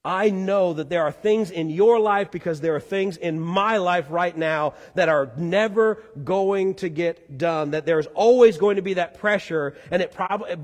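High-voiced preacher in an echoing church. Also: male voice. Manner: earnest, swells loud then drops quiet. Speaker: pastor. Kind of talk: sermon. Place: church sanctuary. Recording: long reverb in a church hall.

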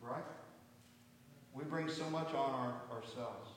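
A man's voice: medium pitch, takes it slowly. A middle-aged man preaching a sermon as pastor, earnest, often asking the congregation rhetorical questions. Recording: echoey hall from far off.

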